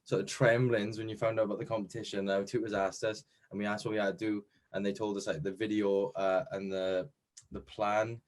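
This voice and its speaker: A man's voice: lowish voice, flat delivery, brisk. A young man with a Welsh accent, chatting modestly in an interview about winning a competition, with lots of fillers and restarts. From Wales. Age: young adult. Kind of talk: casual chat.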